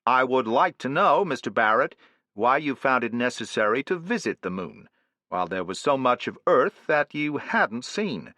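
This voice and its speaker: A man voicing a formal, probing lawyer putting pointed questions to a witness in an audiobook. He speaks with a lively, rising and falling pitch, and his tone is bright and forceful. The recording is dry. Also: moderate pace, no echo. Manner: formal, pointed cross-examining. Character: solemn probing male lawyer, middle-aged.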